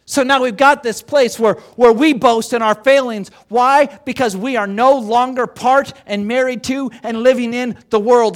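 A man preaching a sermon as pastor, emphatic, asking rhetorical questions and repeating key phrases. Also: extremely high pitch.

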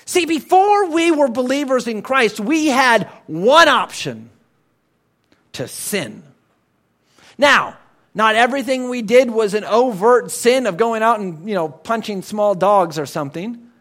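A man's voice: extremely high pitch, very animated, unhurried, a bit bright. A male pastor preaching a sermon in a church, conversational and emphatic, often repeating words for stress.

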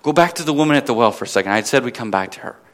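A man's voice: mid-range voice, animated, very fast. A man preaching a sermon at a church gathering, asking his listeners questions and building to emphatic peaks.

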